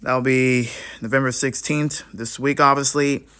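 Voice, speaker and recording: A man hosting a solo sports podcast, ranting in frustration, swearing freely and swinging between low mutters and heated outbursts. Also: fairly even intonation, a little slow, sharp tone. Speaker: podcast host.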